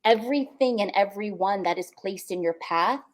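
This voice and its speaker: A young adult woman co-hosts a heartfelt spiritual podcast, speaking with emotion and repeating things for emphasis. Her voice is mid-range and her pace normal.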